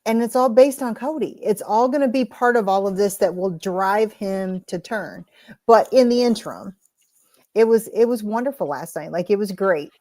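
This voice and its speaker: Podcast co-host, woman, animated casual chat with playful acted quotes. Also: medium pitch, normal speed, no echo. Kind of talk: casual chat reacting to wrestling.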